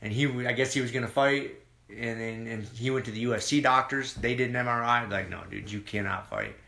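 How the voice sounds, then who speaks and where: Rambling, bright-voiced podcast host. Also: male voice, medium pitch, a little fast, echoey room. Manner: rambling, profane, excited about fights. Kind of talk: casual chat.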